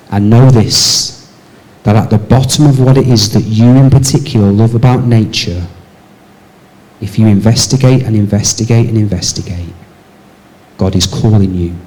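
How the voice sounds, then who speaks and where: Male pastor, church sermon, rhetorical questions, shifts between forceful and soft delivery. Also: normal speed, rough recording. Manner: asks the congregation rhetorical questions; moves between raised emphatic lines and soft low passages.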